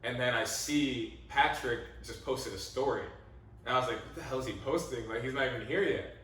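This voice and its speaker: A young man co-hosting a podcast, telling a story in a lively, laughing way, swearing freely and acting out his own lines. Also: mid-range voice, a little fast, slight background noise. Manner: animated, laughing, swears freely, quotes himself. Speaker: podcast co-host. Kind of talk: casual storytelling chat. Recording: echoey room, mic at a distance.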